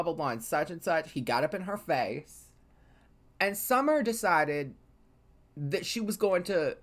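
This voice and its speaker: A woman hosting a gaming channel, chatting casually as she recaps the drama from her game, gossipy and full of fillers. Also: sits low. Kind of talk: casual storytelling over gameplay.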